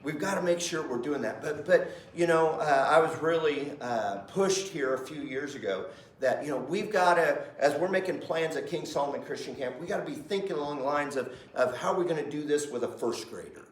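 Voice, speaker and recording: A middle-aged male pastor teaching a Sunday School class in a lively, conversational way, often putting questions to the class. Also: fairly high pitch, brisk. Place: church classroom. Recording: roomy echo.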